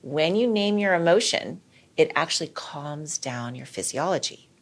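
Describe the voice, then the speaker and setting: A middle-aged woman, a clinical psychologist, explaining ideas in a lively, conversational way as a podcast guest. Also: deep voice, moderate pace. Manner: explanatory, lively, acts out quoted voices.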